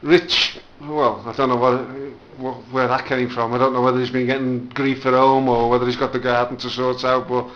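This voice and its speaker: A man from an amateur football club doing jokey, mock-serious post-match interviews in a deadpan manner. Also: medium pitch, moderate pace, hardly any pauses, highs cut off.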